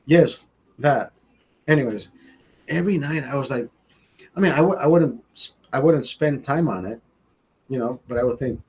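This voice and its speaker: Profane husky man in his forties. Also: medium pitch, moderate pace, long pauses, poor audio. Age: 40s. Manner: profane, animated, acts out quoted voices. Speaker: podcast host. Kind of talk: crude storytelling monologue. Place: studio.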